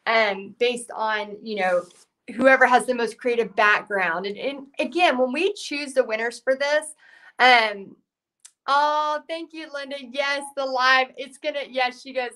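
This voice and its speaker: Woman, hoarse, chatty live-stream host, bright forceful tone, fairly high. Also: unhurried. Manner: chatty, reads out viewer comments, many fillers. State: hoarse, losing her voice. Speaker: art teacher hosting a live stream. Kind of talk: casual live-stream chat.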